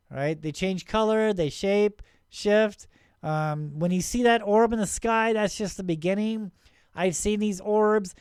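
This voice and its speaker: Excited rambling middle-aged man, smooth voice. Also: sits high, no echo, clean studio sound. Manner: excited, rambling, many restarts and "right?". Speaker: channel host. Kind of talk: casual video commentary.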